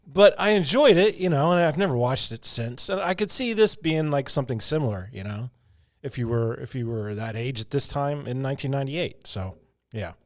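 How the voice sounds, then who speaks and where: Chuckling man co-hosting a podcast. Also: medium pitch. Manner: rambling, chuckles often. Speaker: podcast co-host. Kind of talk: casual chat.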